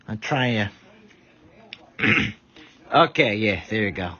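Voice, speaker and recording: Tired man rambling, low dull audio. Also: lively intonation, slow pace, bright, forceful tone. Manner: rambling, stumbles over words. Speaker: vlogger. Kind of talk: casual live commentary.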